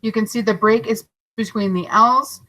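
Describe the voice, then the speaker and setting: A woman teaching a third grade class in a recorded lesson, patient and encouraging, stretching words out slowly to split their syllables. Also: on the high side, steady tone, sharp tone, low-quality recording. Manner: slow, overarticulated syllables and spelling.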